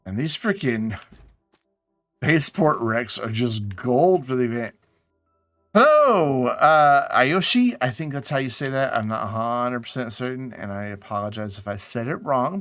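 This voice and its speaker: A man's voice: medium pitch, animated, unhurried, pauses often, fairly bright tone, no room sound. Tired guy streaming a game, chatty, voice jumps up and down a lot, faint music behind. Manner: chatty, talks to chat while playing. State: tired, yawning. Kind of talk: casual live gameplay chat.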